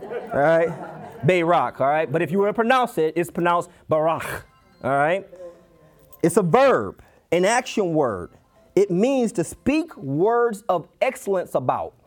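Detroit preacher, animated delivery with wide pitch swings, repeats his points, acts out little voices. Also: unhurried, faint music behind. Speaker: pastor. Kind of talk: sermon.

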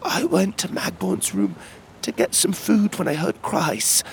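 A frightened young fairy girl speaks quietly, in a raspy voice, as a man puts her on. Her voice sits high and soft, with a gravelly edge. She is a worn-out figure from a storybook audio adventure. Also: wildly swooping pitch, measured pace, slight background noise, heavily acted. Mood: subdued.

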